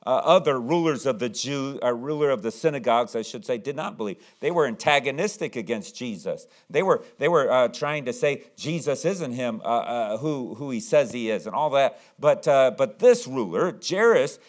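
A man delivering an animated sermon to his congregation. His voice sits slightly high for a man. He often acts out the desperate, pleading voices of the people in the story. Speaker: pastor.

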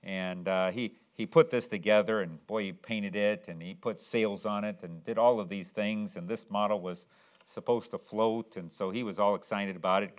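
Earnest male preacher telling a story. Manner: earnest storytelling preacher, voice rising high when excited. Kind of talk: sermon with an illustration story.

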